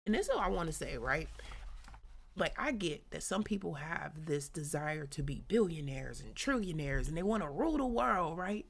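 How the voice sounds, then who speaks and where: A woman hosts a live business talk with casual motivational chat, sometimes reading aloud from a book. She is chatty and laughs often, with quick whispered asides. Her voice is low with a gravelly edge. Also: expressive.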